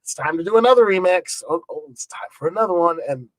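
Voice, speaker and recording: A man's voice: sits high, expressive, quick pace, no echo, rough recording. A man talking as an easygoing music producer guest in a casual interview, with frequent repeats and fillers. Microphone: remote call setup.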